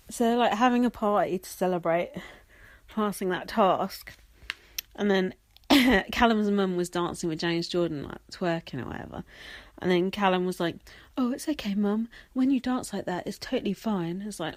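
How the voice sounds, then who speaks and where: A woman's voice: medium pitch, no room sound. A young woman hosting a podcast recap in casual chat, sweary and laughing often, slightly wheezy and coughing. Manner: chatty, sweary, laughs often, many ums and likes. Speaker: podcast host.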